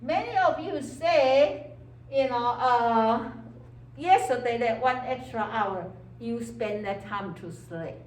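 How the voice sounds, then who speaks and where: Slow-spoken woman lecturer in an echoey classroom. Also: on the high side, recorded from a distance, slight background noise. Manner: keeps checking in with "okay?", acts out inner voices; non-native English grammar. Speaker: psychology lecturer. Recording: echoey classroom heard from afar.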